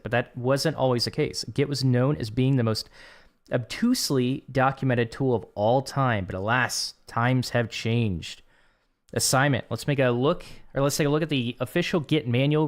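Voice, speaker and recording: Casual streamer man reading and reacting. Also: mid-range voice. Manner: reads lesson text aloud and reacts with offhand remarks. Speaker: streamer working through a coding course. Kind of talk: casual live-stream commentary.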